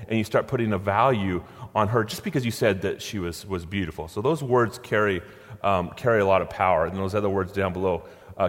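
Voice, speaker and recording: A middle-aged man preaching in a conversational way, acting out quotes with a playful touch. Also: on the low side. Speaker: pastor. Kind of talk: sermon. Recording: long hall reverb.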